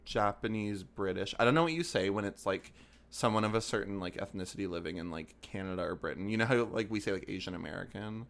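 A man's voice: lowish voice, quick pace, creaky, fairly bright tone. A young man co-hosting a podcast in casual chat, rambling and hesitant with lots of filler words. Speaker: podcast co-host.

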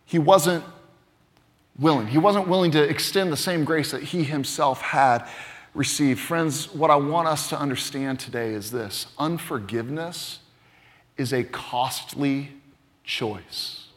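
Male pastor, earnest and emphatic, high-pitched, preaching in a reverberant sanctuary. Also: measured pace. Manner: earnest, emphatic, swings between loud and hushed. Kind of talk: sermon.

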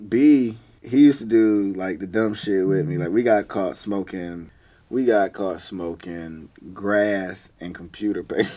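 A man's voice: sits low, a little slow, mellow. A young man telling childhood stories in a casual, slangy way, often laughing as he goes. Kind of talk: casual storytelling.

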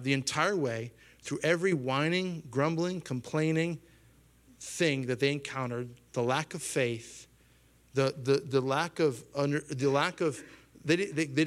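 Throughout his sermon, this pastor in his thirties often questions the congregation directly. He talks in a lively, animated way at moderate speed, lifting his pitch whenever he performs quoted voices.

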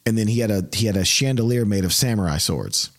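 A man's voice: fairly low pitch, animated, fast. Rambling male podcast host. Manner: rambling, lots of fillers. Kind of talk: casual chat.

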